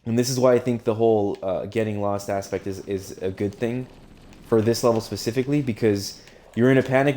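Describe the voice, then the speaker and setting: A man's voice: lowish voice, fairly even intonation, brisk, dark tone. A young man gushing and swearing through casual commentary while streaming a video game, laughing often. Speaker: gaming streamer. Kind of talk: casual let's-play commentary.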